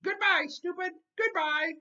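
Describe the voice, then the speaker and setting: A shrill little mynah bird in a storybook, parroting the same words again and again. The voice sits far above a man's normal speech and sounds a bit thin and muffled. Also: measured pace, pushed and bright, full character voice. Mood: squawking. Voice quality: shrill squawking mimicry. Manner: repeats words over and over. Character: talking pet mynah bird that parrots everything.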